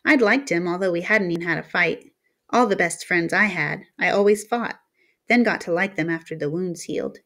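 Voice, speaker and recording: A woman's voice: on the low side, normal speed. Woman reading a novel aloud. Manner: steady, storytelling. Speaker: reader. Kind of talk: audiobook narration.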